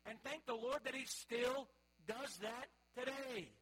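A man's voice: extremely high pitch, measured pace, sharp tone, husky, rough recording. A man, preaching a sermon in a folksy storytelling way and calling out to the congregation. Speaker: pastor.

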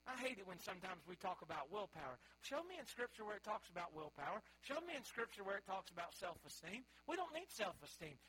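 Male pastor, 30s, high husky voice, folksy sermon storyteller. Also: sharp tone, rough recording. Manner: folksy, storytelling, calls out to the congregation.

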